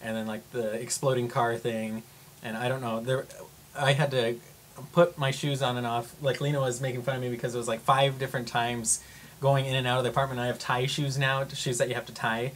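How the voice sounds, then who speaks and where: A young man vlogging, telling a story in a casual, animated way, full of fillers and acted-out gasps. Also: medium pitch, a little fast, slight background noise. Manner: animated, acts out gasps and quotes, lots of fillers.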